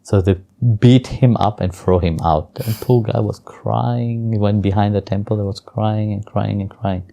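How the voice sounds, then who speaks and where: A low-pitched man with a mellow, dark voice, gently telling spiritual stories in an interview. His phrasing is simple and non-native, and he chuckles softly now and then. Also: fairly even intonation, moderate pace, creaky, few pauses. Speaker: spiritual teacher. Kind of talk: storytelling and spiritual teaching in an interview.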